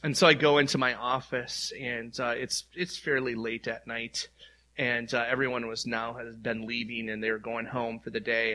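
A man's voice: medium pitch, little pitch movement, moderate pace, pushed and bright. A middle-aged male pastor preaching in an earnest, conversational way, acting out heartfelt prayers aloud. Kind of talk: sermon.

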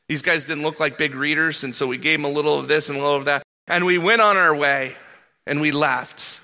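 Gravelly, bright-voiced male pastor preaching. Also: brisk. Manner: animated, rising pitch on emphasis, repeats words. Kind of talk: sermon with storytelling.

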